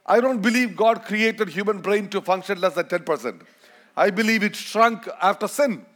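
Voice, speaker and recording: A man from India, native speaker of Malayalam, preaching with an Indian accent and a joking, lively manner, leading the congregation in call and response. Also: sits high, normal speed. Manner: joking, lively, leads the crowd in repeating. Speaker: guest preacher. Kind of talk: sermon.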